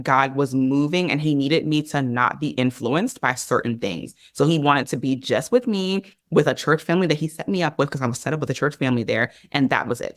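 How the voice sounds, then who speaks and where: A woman talks through a personal story as a podcast guest, animated and chatty, peppering her speech with casual fillers. Her voice is recorded close up in a dry space with no room sound. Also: very deep voice, dry recording. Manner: animated, chatty, heavy use of "like" and "girl".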